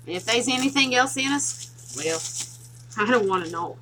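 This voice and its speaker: A woman's voice: a little high, expressive, moderate pace, noisy background. A woman from Tennessee with a strong Southern twang, chatting casually and laughing often while she walks viewers through a craft project. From Tennessee, USA. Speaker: craft tutorial host.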